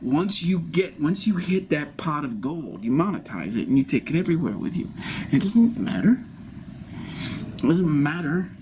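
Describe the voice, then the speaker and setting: A grown man performing an improvised theatrical monologue in character, rambling and swinging between loud bursts and soft whispers. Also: a little high, background noise. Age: adult.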